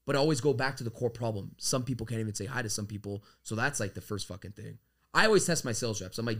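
A man from Canada talks quickly on a casual podcast. He is animated and profane and swears freely as he tells his stories. His voice sits in a middle register. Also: mid-range voice. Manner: energetic, profane, storytelling. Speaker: guest.

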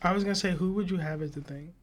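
A man's voice: sits high, very fast. A man co-hosting a podcast, arguing his points insistently in casual chat. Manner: insistent, argumentative. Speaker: podcast co-host.

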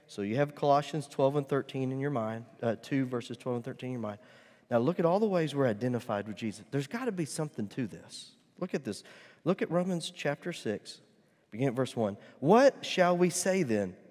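A man's voice: medium pitch, a little mellow. A man preaching a sermon, reading scripture aloud and pressing his points with emphatic bursts and humorous asides. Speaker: pastor. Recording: long hall reverb.

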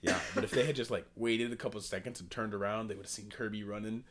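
A man co-hosting a casual podcast, recapping a movie in an excitable, animated way. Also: fairly low pitch, fast talker. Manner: excitable, animated, says bro. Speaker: podcast co-host. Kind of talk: casual chat.

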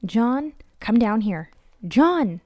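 A woman's voice: medium pitch, normal speed, dark tone, natural voice. A woman voicing a frightened older mother who stammers and shakes as she speaks. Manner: stammering, shaky, rising in panic.

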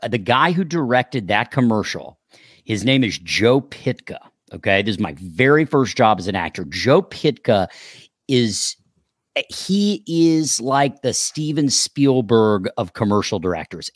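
A man's voice: medium pitch, a little slow, slightly rough, no room sound, studio quality. A man, an actor, telling a story in casual chat and acting out the people he quotes. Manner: animated, acts out quoted dialogue. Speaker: actor guest.

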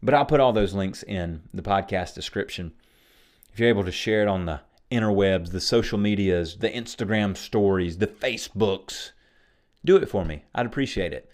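A man hosting a faith podcast, preaching fervently and then chatting warmly and jokingly with listeners. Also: on the low side, normal speed.

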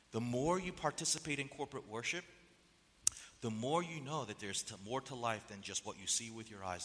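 In a church sanctuary, a male pastor with a nasal, bright, forceful voice of medium pitch preaches a sermon. He presses the congregation with rhetorical questions and reads quotes aloud, the sound filling a large hall.

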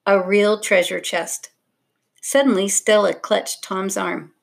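A woman's voice: medium pitch, fairly even intonation, slow pace, vocal fry. Woman reading a children's story. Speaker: narrator. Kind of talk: storybook narration.

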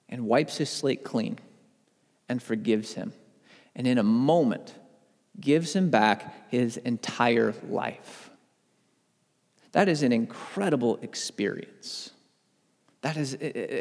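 A man in his thirties giving a conversational Bible teaching, telling personal stories in an animated way that builds up steam. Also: mid-range voice, long reverb tail. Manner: animated storyteller who gets worked up. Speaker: podcast host teaching on faith.

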